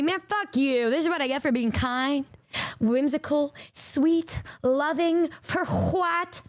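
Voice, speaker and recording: A young woman streaming as a VTuber, telling stories to her chat in a casual, animated way with frequent swearing and stammered restarts. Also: high-pitched, slow pace, no room sound, studio quality.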